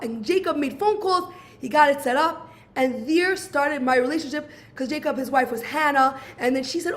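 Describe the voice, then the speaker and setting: A woman's voice: sits high, fast talker. A woman, telling a personal story and acting out conversations. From Brooklyn, USA. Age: 40s. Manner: animated, acts out dialogue, many "I'm like"s. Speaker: speaker sharing her story.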